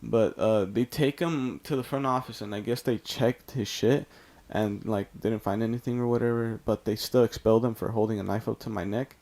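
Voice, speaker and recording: A man's voice: on the low side, fairly even intonation, normal speed, vocal fry, few pauses, a little mellow. Rambling, profane young storyteller man. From California. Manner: rambling and profane, heavy use of "like". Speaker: storytime YouTuber. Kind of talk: casual storytelling over gameplay.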